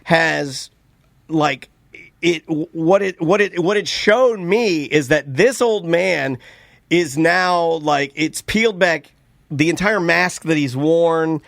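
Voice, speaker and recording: A man's voice: fairly high pitch, gravelly, fairly bright tone, dry recording, studio quality. Rambling middle-aged man co-hosting a podcast. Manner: rambling, halting, laughs a lot. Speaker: podcast co-host. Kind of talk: casual chat.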